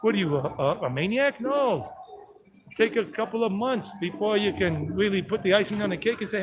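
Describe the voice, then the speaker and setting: A man's voice: high-pitched, lively intonation, brisk. A man in his fifties from South Carolina, telling brash, rambling stories while leading a walking tour outdoors. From South Carolina, USA. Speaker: tour guide vlogger. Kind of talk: casual walking-tour chat. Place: outdoors on a city street. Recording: street noise behind.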